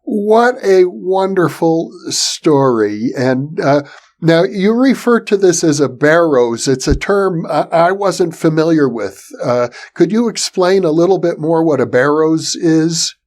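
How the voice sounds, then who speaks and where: Male interview host, slightly high voice. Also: expressive, unhurried, a little mellow. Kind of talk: interview questions.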